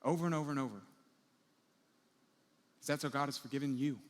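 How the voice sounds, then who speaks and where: A male pastor with a medium-pitched voice preaches fairly quickly to a live audience in a large hall. He tells his story casually and acts out the characters he quotes, while the hall's long reverb trails his words.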